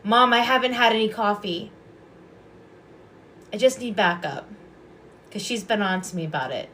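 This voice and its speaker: A woman's voice: mid-range voice, moderate pace, a bit bright, slight background noise. A woman hosting a casual livestream as a Reiki and hypnosis practitioner, chatty, affectionate and rambling.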